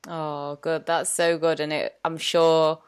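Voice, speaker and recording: Low-voiced woman podcast host. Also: flat delivery, slow, clean tone. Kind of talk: casual interview chat.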